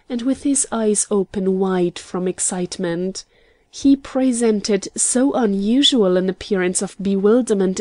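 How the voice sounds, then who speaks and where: A woman narrating an audiobook in a measured, unhurried reading style. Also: mid-range voice, warm tone, no echo. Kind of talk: scripted narration.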